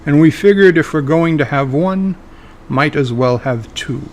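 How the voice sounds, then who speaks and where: A man's voice: fairly high pitch, unhurried, slight background noise, lightly acted. A man voicing an older, dignified male starship captain who speaks formally and gets easily annoyed. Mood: fond. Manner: stiff, formal, mildly annoyed.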